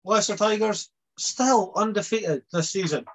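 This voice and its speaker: A man with a fairly high voice chats casually as a podcast co-host. He rambles, circling his point and stacking up fillers as he goes. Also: normal speed. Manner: rambling, heavy use of "like". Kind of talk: casual chat.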